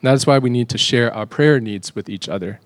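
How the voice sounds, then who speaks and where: A man's voice: mid-range voice, fairly quick. A man preaching a sermon as a pastor, earnest, often repeating words and lifting his voice when he reads scripture aloud.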